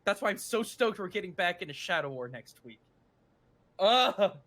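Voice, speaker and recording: A man's voice: sits high, sing-song, normal speed, pushed and bright. A man chatting casually on a live stream, frank and given to blunt rants. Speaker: art streamer.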